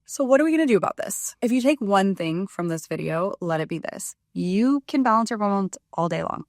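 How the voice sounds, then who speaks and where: A woman's voice: medium pitch, no room sound, clean studio sound. A woman health practitioner giving a frank, casual talk to camera about women's health. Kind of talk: direct-to-camera health teaching.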